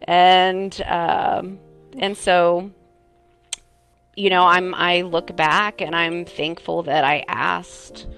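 A woman telling a personal story in an earnest, halting way, as an interviewee. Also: lowish voice, little pitch movement, creaky, a bit bright, smooth, soft background music. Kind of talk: personal recollection.

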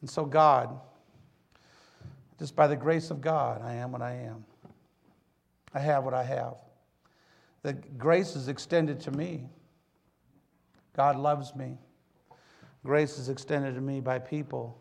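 A man's voice: mid-range voice, fairly even intonation, takes it slowly, gravelly, pauses often. A middle-aged man preaching a sermon, a joking, folksy storyteller who talks straight to his congregation. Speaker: pastor.

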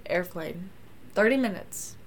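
A woman in a casual chat, blunt and irreverent with quick jokes. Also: lowish voice, expressive.

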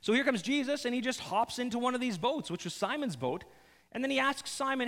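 A man preaches a sermon in a fairly high voice that swings widely in pitch. He tells the story in an animated, conversational way with jokes. A long reverb from the large church hall trails behind his voice. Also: fairly quick. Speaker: pastor.

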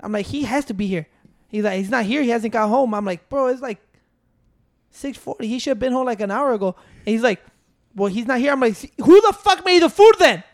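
High-voiced man, dry close sound. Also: fairly quick, dry recording. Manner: mocking, retells with quoted voices. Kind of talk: casual banter, storytelling.

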